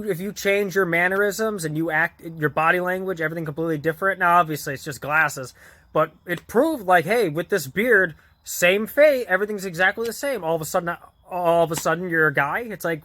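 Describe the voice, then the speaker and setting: A man's voice: sits high, expressive, fairly quick, sharp tone, dry recording. A man vlogger casually retelling a TV episode in a rambling way, full of fillers, restarts and small chuckles. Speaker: vlogger reviewing a TV show.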